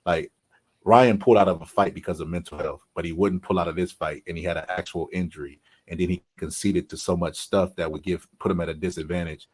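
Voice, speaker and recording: A man hosting a casual boxing chat, animated and profane, often acting out quotes. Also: low-pitched, fast, slightly rough. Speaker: boxing channel host.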